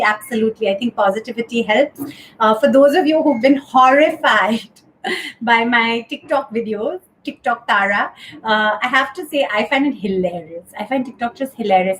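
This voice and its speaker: A woman hosts a live stream from home in a slightly high voice. She chats casually and fills her talk with "you know" and "um." A faint hum of room noise sits behind her. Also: a bit bright, rough recording. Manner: chatty, lots of "you know" and "um". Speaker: host of a live talk show. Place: home during lockdown.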